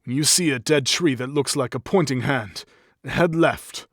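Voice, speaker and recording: A man's voice: mid-range voice, a little slow, a bit bright, dry recording. A man reading aloud and voicing a hardened male elf hunter who speaks in a dry, teasing way. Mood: urgent.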